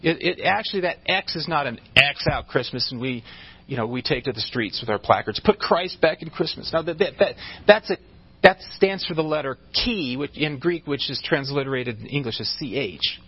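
A male pastor with a medium-pitched, expressive, slightly breathy voice preaches fairly quickly in a conversational style. He restarts phrases, makes asides, and jokes with his congregation, and the audio has its highs cut off.

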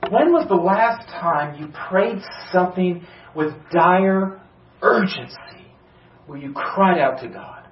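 A man's voice: sits high, expressive, slow pace, slight background noise. A male pastor preaching an earnest sermon, building to urgent emphasis with rhetorical questions, recorded in a church. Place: church sanctuary. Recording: roomy, distant church sermon recording, slightly dull.

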